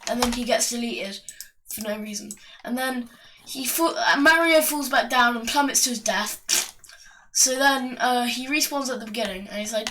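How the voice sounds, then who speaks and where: A woman's voice: on the high side, moderate pace, fairly bright tone, a little hiss or hum. A woman rambling through an improvised story while drawing, full of fillers and slangy asides. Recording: distant mic with faint clicking.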